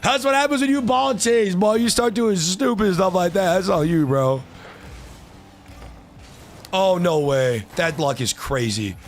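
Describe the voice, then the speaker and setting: A young man streaming a car-soccer match, trash-talking opponents and yelling at his teammates. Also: on the high side, slight background noise. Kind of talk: live gameplay commentary.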